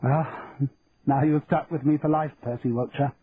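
A man voicing a brisk, teasing young aristocratic bride, over a tinny line with faint hiss. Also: a little high, steady tone, lightly acted.

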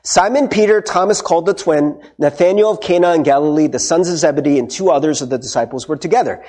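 A man's voice: fairly high pitch, quick pace, warm tone. A male pastor preaching a casual, conversational sermon. He tags his points with "right?" and acts out the quotes he retells. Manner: tags many sentences with "right?"; acts out quoted speech in character.

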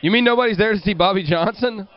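High-voiced male radio co-host. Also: quick pace, no echo, lo-fi sound. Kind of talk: casual sports radio banter.

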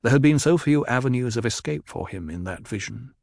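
A male narrator reads an audiobook in a steady, even manner. His voice sits at a middle pitch, recorded dry and close with no room echo. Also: a little fast, gravelly.

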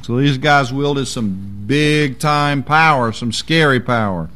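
A man's voice: mid-range voice, slow pace, fairly bright tone, slight background noise. A man preaching a sermon in a folksy, emphatic way.

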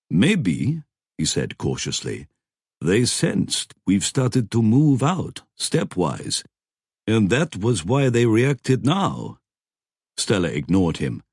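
A man reading a science fiction audiobook in a measured way, lifting his voice for the characters' dialogue. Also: sits low, darkish tone, husky, no echo, studio quality. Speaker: audiobook narrator. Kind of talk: scripted narration.

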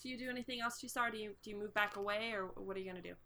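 A woman's voice: medium pitch, racing, pushed and bright, a little hiss or hum. A young adult woman running a tabletop game as game master, easygoing and often hesitating with ums and likes.

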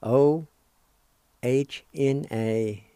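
A man's voice: mid-range voice, very slow, dark tone, smooth, dry recording. A man hosting a radio language lesson, patiently spelling out words and repeating each syllable with encouragement. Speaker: radio host teaching a language.

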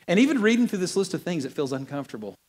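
A male pastor preaching a sermon in a church in an animated, conversational way with playful asides. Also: high-pitched, racing, in a large hall.

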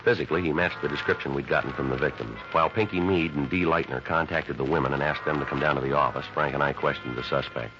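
A man's voice: a bass voice, fairly even intonation, quick pace, hardly any pauses, over music. An actor playing a terse male police detective who narrates and questions suspects in a clipped, matter-of-fact way, in a 1950s radio crime drama on a lo-fi old broadcast. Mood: flat report.

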